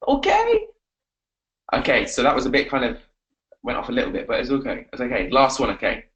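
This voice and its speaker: A man coaching on a live webinar, energetic and repetitive, giving pep talks. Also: mid-range voice, fast talker, poor audio. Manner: energetic, pep-talking, repeats himself. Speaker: confidence coach.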